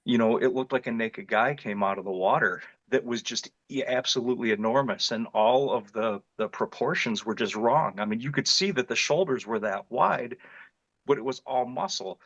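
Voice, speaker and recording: A man's voice: mid-range voice, moderate pace, a bit bright, dry recording, muffled recording. A middle-aged man from northeast Ohio, an interview guest earnestly recounting a frightening encounter in vivid detail, often restarting his phrases. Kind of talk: personal storytelling in an interview.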